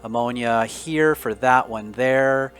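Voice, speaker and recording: A man of medium pitch walks through his game build in a relaxed, rambling way, stopping for fillers as he explains each piece. Faint music plays underneath his casual commentary. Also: takes it slowly. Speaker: gaming video creator.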